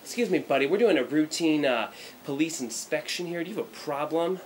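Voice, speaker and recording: Scolding male cop, as a young man quotes him, condescending, a little louder than normal. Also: a little high, lively intonation, fairly quick, a little hiss or hum, pitched above the performer's own voice, lightly acted. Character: stern male American police officer.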